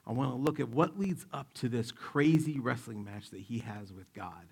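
Gravelly-voiced man preaching a sermon. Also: medium pitch, moderate pace. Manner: animated, jokey, acts out quotes. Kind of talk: sermon with personal storytelling.

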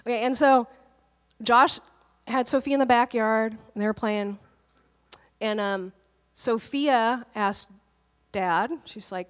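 A woman pastor in her thirties, slightly hoarse from a cold, telling a personal story in an animated, candid sermon. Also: on the high side, slow, pauses often, in a large hall.

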